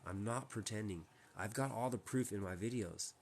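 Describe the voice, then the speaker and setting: A livestream host with a lowish voice and some vocal fry chats casually and directly with his viewers from home at a normal speed. He rambles emphatically and often restarts sentences, while a faint hiss of background noise lies beneath his voice.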